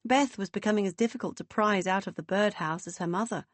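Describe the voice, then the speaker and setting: A woman reads an audiobook in a measured, expressive way, her voice in the middle of the female range. The sound is close and completely dry, with no trace of room. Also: medium pitch, dry recording. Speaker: audiobook narrator. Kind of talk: scripted audiobook narration.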